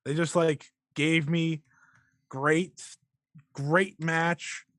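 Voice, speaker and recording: A man co-hosting a casual wrestling podcast, talking excitedly and swearing freely. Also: a little high, very slow, no room sound. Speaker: podcast co-host.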